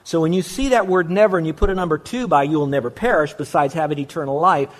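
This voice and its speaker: A man's voice: on the high side, fast talker. A man preaching a sermon as a pastor, stressing key words through repetition and asking rhetorical questions that he answers himself. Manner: emphatic, repeats key words, asks and answers his own questions.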